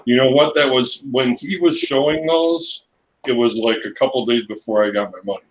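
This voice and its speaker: A man co-hosting a casual live stream, chatty and quick to joke. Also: mid-range voice, fairly even intonation, a little hiss or hum, poor audio. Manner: chatty and joking.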